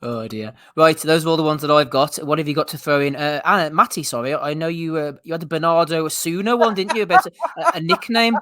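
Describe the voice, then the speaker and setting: A man's voice: on the high side, fast, hardly any pauses, fairly bright tone, no room sound. A man hosting a podcast, laughing often and steering the conversation. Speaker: podcast host.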